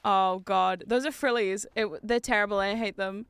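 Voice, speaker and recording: A woman in her thirties, a streamer chatting casually while playing a game, telling stories in an animated way with laughter and swearing. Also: medium pitch, normal speed, smooth, dry recording. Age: 30s. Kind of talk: casual gaming stream chat. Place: home gaming room.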